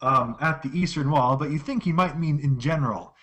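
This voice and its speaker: A man running a tabletop game as game master, describing scenes in a lively storytelling way. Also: on the high side, a little fast.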